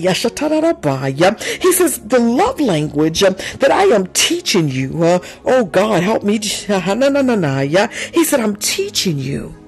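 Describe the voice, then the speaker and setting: Fervent preacher in tongues over soft music. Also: mid-range voice. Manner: fervent, repeating exclamations and speaking in tongues; quoting the Lord in a raised voice. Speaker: prophetic minister. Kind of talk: spontaneous prophetic preaching.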